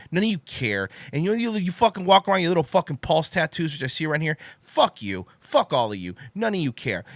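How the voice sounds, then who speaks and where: A man's voice: on the high side, a bit bright, no echo. A man hosting a talk show, ranting angrily with heavy swearing and then apologizing. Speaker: podcast host.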